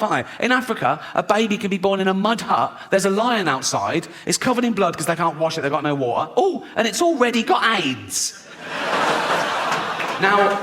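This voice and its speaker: A man's voice: high-pitched, fairly bright tone. A man performing a sardonic, provocative stand-up set with a self-mocking edge. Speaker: stand-up comedian.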